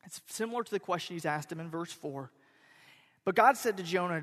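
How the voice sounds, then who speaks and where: A man preaching a sermon as pastor, animated, swinging from loud emphasis to quiet intensity. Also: a little high, brisk. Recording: long hall reverb.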